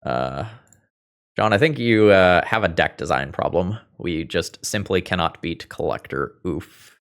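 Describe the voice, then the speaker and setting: Low male voice, casual gameplay commentator, wry and muttering, thinks out loud. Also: lively intonation, a little slow. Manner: wry, thinks aloud, swears when frustrated. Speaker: gaming video host.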